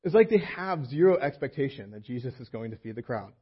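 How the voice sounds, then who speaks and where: A man preaching in an easy, conversational way, often acting out what people in the story might say. His voice is slightly husky and sits at a middle pitch. The recording is muffled and lo-fi. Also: expressive, brisk. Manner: conversational, acts out quoted voices. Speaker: pastor. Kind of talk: sermon. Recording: muffled lo-fi sermon audio.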